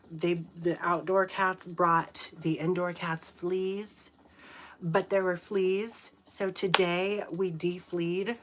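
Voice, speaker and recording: A woman's voice: lowish voice, slight background noise. A young adult woman hosting a casual livestream, chatting about her cats and thanking viewers by name, with casual swearing. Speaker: livestream host.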